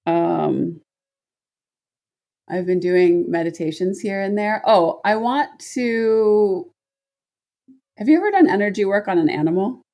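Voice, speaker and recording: A woman's voice: mid-range voice, unhurried, long pauses, mellow. A woman co-hosting a podcast, chatting casually, teasing and asking questions, on a tiny clip mic while traveling. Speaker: podcast co-host. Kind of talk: casual chat. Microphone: tiny mic clipped to a cup.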